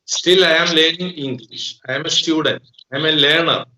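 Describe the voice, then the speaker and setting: Man from Kerala, interviewer, measured formal questions, bright fairly high voice, echoey dull recording. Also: slight background noise. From Kerala, India. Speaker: host, interviewer.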